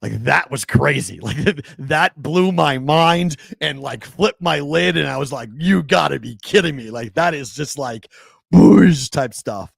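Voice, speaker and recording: A man hosting a sports talk show, telling stories in an animated, excitable way, full of fillers and restarts. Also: medium pitch, measured pace, creaky, hardly any pauses, no room sound. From New England. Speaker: sports talk radio host. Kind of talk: casual sports talk storytelling.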